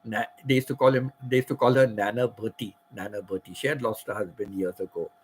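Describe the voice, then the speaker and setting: A man's voice: on the low side, steady tone, quick pace, a little hiss or hum, poor audio. A middle-aged man, casually telling a personal story as a channel host, rambling and repeating phrases. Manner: rambling, repeats phrases, laughs at his own stories.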